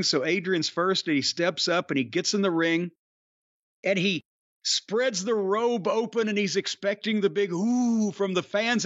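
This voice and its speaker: High-voiced profane storytelling man. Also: dry recording, muffled recording. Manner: profane, rambling, animated anecdotes with restarts. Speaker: podcast co-host telling wrestling stories. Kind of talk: casual storytelling chat.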